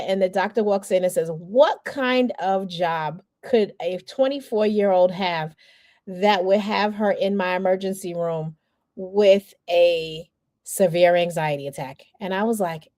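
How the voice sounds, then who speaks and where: A woman's voice: mid-range voice, a little mellow, no room sound, studio quality. A woman in her forties, a communications coach, teaching a masterclass and telling a candid personal story while acting out the people she quotes. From New York area.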